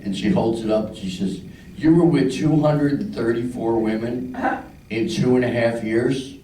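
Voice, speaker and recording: A man's voice: mid-range voice, measured pace, mellow, reverberant, distant mic, slight background noise, poor audio. An older man from Philadelphia doing a crude stand-up routine, acting out the people in his stories. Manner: crude storytelling with voices for characters. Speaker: stand-up comedian. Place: club stage.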